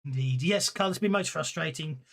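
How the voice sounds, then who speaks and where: A man's voice: a little high, a little fast, vocal fry, fairly bright tone. A man running a tabletop horror game as game master, rambling and self-deprecating, laughing often.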